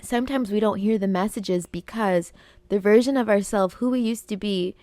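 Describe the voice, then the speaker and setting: An earnest young woman talks through a motivational podcast in a middle-pitched voice. She repeats herself for emphasis and slips into quick voices for her inner thoughts. The sound is close and dry, with no room around her. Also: darkish tone, no echo. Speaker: podcast host and life coach. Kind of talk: motivational spiritual monologue.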